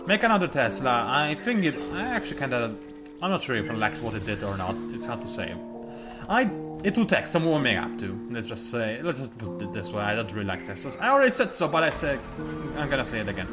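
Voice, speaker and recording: A man commenting on a strategy game as he plays it, chatty and explaining each move, often trailing off and restarting sentences. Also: mid-range voice. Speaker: let's play commentator. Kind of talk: gameplay commentary. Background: game music.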